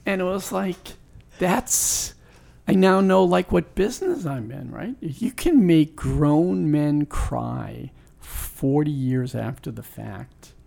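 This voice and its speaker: A man's voice: a little high, lively intonation, slow pace, vocal fry, warm tone. A man in his sixties from New York, a sports team owner, tells a personal story in an interview. He is reflective and earnest and often restarts his sentences. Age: 60s.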